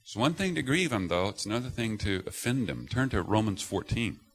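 A man's voice: fairly low pitch, brisk. A middle-aged man preaching a sermon to a congregation, telling stories and acting out the voices he quotes. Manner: animated storytelling, acts out quoted voices loudly. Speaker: pastor. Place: church sanctuary before a congregation.

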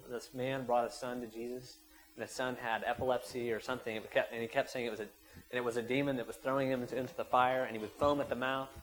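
A man's voice: mid-range voice, poor audio. A man preaching a sermon to his church, retelling a scripture story and leading prayer with rising, emphatic passion. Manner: impassioned, rising to loud peaks when voicing prayers and quotes. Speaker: pastor.

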